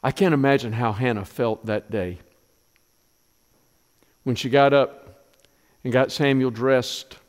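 A middle-aged man preaching a sermon, telling stories with feeling and dropping to a hushed, tender voice at moving moments. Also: medium pitch, long reverb tail. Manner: storytelling, emotional, softens to a hush in tender moments. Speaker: pastor.

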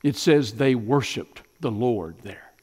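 A middle-aged man preaching a sermon, telling stories with feeling and dropping to a hushed, tender voice at moving moments. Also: mid-range voice, lively intonation, takes it slowly, husky, long reverb tail. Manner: storytelling, emotional, softens to a hush in tender moments. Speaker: pastor.

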